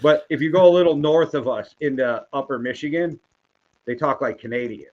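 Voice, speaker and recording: An older man with a Wisconsin Midwestern accent talks sports picks in a relaxed, profane, joking way. The recording is slightly dull and lo-fi. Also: medium pitch, a little fast. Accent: Midwestern American. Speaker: podcast co-host. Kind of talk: casual sports-betting chat.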